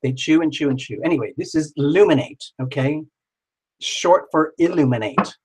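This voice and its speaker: A man's voice: on the high side, moderate pace, a little mellow, slightly rough, rough recording. A man hosting a live tarot stream, who talks playfully and jokes around with sing-song asides. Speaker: tarot reader hosting a livestream.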